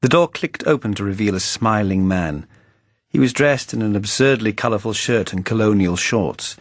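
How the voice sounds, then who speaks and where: A man's voice: fairly low pitch, moderate pace, no echo. A man narrating his own novel in the first person in a wry, arch storytelling manner, recorded close on a studio microphone. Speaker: audiobook narrator, the author.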